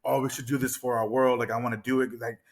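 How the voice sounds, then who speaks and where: A man co-hosting a casual movie discussion, talking in an excited, rambling way and swearing freely. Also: medium pitch, fast. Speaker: podcast co-host.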